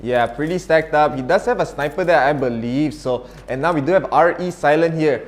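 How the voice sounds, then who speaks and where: A man casting an esports match live, giving steady, analytical play-by-play. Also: a little high, a little fast. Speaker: esports caster. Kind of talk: live game commentary.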